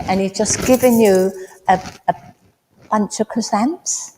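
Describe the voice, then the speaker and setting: Halting woman in an echoey hall. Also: medium pitch, fairly even intonation, darkish tone. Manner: halting, full of ums, relays spirit messages. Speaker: medium. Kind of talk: mediumship demonstration at a service. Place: village hall. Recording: echoey hall, faint background noise.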